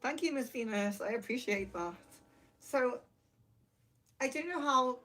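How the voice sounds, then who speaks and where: A woman hosting a spiritual livestream from her room, giggly and excitable, laughing often, speaking to a camera set far across the room. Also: fairly high pitch, a little slow. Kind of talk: casual livestream chat. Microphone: camera mic from across the room.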